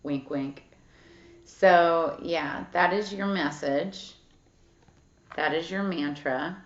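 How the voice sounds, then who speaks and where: A woman with a low voice speaks slowly while giving a casual tarot reading, swearing freely, reading the card texts aloud and peppering her talk with "like" and "um." The recording sounds dull and lo-fi, captured in an echoey room.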